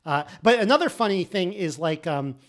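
Halting man chatting casually. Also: high-pitched, lively intonation, fairly bright tone. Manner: halting, searches for words with many restarts. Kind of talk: casual conversation.

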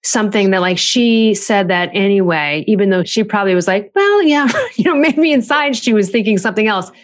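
Chatty, animated woman giving parenting advice. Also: a little fast. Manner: chatty and animated, acts out quotes with jumps in pitch. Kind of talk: casual podcast talk.

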